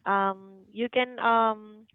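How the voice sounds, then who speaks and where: A woman's voice: mid-range voice, steady tone, drawn-out words, clear, resonant tone, no room sound. A woman working as a customer service agent, polite and hesitant with many ums. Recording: tinny phone line.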